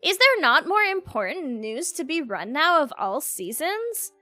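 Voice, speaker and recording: Snooty rich bird boy in a game, sneering and grand , a woman doing the voice, low for her, lively swoops. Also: unhurried, dry recording, faint music behind, full character voice. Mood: haughty. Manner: pompous, disdainful. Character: haughty aristocratic male bird council president. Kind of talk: reading visual novel dialogue aloud.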